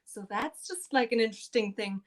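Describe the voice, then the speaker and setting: A woman's voice: fairly high pitch, brisk. A woman podcast co-host casually recapping a tabletop game session, chatty and loose with lots of fillers.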